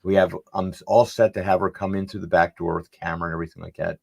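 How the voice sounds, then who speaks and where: A middle-aged man's voice, low and gravelly, with a rough fry. He rambles through a long personal story on a podcast, doubling back on himself and acting out what others said. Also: level tone, fast, darkish tone, dull audio. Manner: rambling, anecdotal, acts out quoted dialogue. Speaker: podcast panelist. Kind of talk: casual storytelling.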